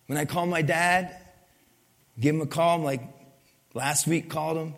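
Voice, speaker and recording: A man delivers a sermon in a relaxed, conversational way and keeps checking in with his listeners. His voice is gravelly with a fry and sits a bit high for a man. The sound trails off into a long hall reverb. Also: normal speed, pauses often. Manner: conversational, asks the crowd for amens. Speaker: pastor.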